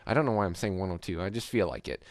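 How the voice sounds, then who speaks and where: Low-voiced young man commenting on gameplay. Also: racing, no room sound, studio quality. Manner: rambling, filler-heavy, upbeat. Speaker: gaming YouTuber.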